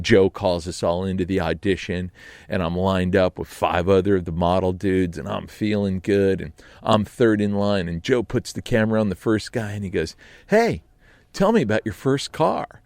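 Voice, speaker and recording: A man's voice: fairly low pitch, creaky, darkish tone, dry recording. A man telling a comic story in a radio studio, in a theatrical, self-mocking way. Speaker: storyteller guest.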